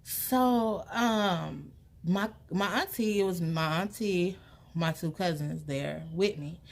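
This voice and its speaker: A young woman tells a personal story in a casual, chatty way. Her voice sits fairly low but leaps high whenever she acts out what people said, and her delivery is animated. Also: slow, gravelly. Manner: animated, acts out quotes with big pitch jumps.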